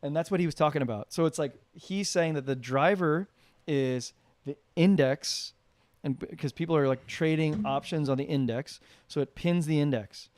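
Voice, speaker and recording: A man's voice: on the high side, normal speed, a little mellow, no echo. A man co-hosting a podcast, talking loosely with many fillers and restarts. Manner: rambling, filler-heavy, restarts often. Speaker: podcast co-host. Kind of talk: casual chat.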